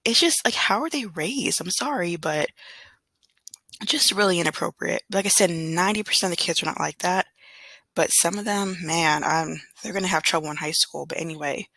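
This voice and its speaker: A woman from Southern California, a substitute teacher, telling a story to camera in a chatty, rambling way with fillers and throat clearing. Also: fairly low pitch, moderate pace, sharp tone, dry recording. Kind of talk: casual storytelling vlog.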